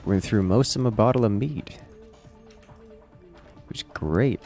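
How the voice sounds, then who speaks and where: A man's voice: on the low side, animated, measured pace, a little mellow, faint music behind. A man hosting a casual gaming livestream, musing aloud as he plays and answers chat. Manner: musing aloud while playing, reading chat. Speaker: livestream host.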